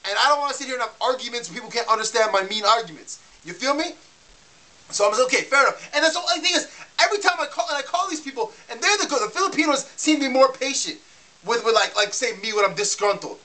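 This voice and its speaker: Fired-up ranting guy, bright fast voice. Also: extremely high pitch, lively intonation. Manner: fired-up, heated, restarts and stammers when worked up. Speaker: vlogger ranting to camera. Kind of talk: casual rant.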